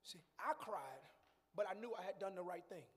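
A man preaching a sermon as pastor, building to shouts and talking straight to the congregation. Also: high voice, expressive, moderate pace, long reverb tail. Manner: preaching with rising shouts and call-and-response asides.

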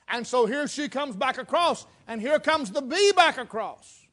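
High-voiced preacher telling a dramatic story. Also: male voice, expressive, moderate pace. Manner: dramatic storytelling, swings between loud and hushed. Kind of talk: sermon.

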